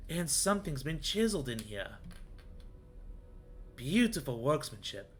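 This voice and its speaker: A man's voice: a little high, very animated, measured pace, fairly bright tone, faint music behind. A man streaming a video game, musing aloud as he reads and translates in-game text and greets viewers in chat. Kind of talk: live gaming commentary.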